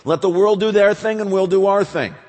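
A male pastor preaching a sermon, animated, acting out questions in quick bursts. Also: high voice. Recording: reverberant church hall.

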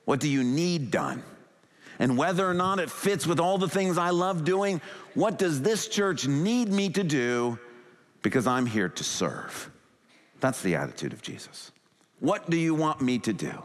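Man preaching in a reverberant church. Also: measured pace. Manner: animated preaching, acting out quoted inner thoughts in shifting pitch. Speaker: pastor. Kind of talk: sermon. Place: church sanctuary.

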